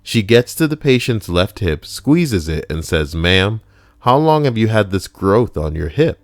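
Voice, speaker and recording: A man's voice: fairly low pitch, very animated, a little slow, no echo. A man streaming from home, reading stories aloud with wry, joking asides to his chat.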